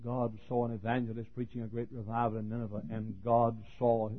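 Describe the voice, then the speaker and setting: A man's voice: mid-range voice, completely flat delivery, brisk. A man preaching a sermon in a folksy, joking storytelling manner, chuckling and coughing as he goes. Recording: tinny phone-like sermon tape.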